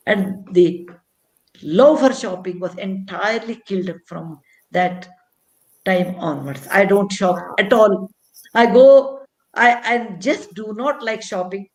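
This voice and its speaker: An older woman with an Indian English accent shares a heartfelt story, speaking in an earnest, reflective way and circling back on phrases to stress them. Her voice sits at a middle pitch for a woman. The sound is roomy, with a clear echo around her. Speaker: guest speaker. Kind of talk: storytelling at a public conversation.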